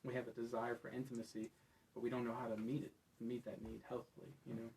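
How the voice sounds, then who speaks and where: A man's voice: medium pitch, level tone, fast talker, gravelly, a little mellow, a little hiss or hum, poor audio. A man in recovery talking earnestly and confessionally as a podcast guest. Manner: earnest, confessional, many fillers. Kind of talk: personal testimony in casual talk.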